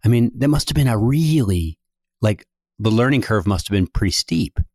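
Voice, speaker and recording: A man's voice: lowish voice, expressive, normal speed, darkish tone, breathy edge, dry recording. Curious male interviewer, dry sound. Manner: curious, conversational. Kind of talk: interview questions.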